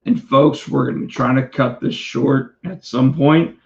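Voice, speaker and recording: A man co-hosting a casual wrestling chat, rambling with restarts and fillers, his voice going hoarse. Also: medium pitch, steady tone, a little slow, muffled recording. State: losing his voice. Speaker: podcast co-host.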